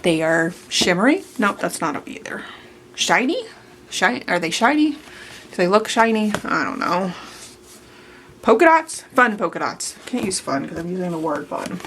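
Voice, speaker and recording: A woman's voice: fairly low pitch, lively intonation, normal speed, a bit bright, slight background noise. A woman hosting a scrapbooking channel, recording a casual voice-over full of bloopers, stumbling over her words and correcting herself aloud.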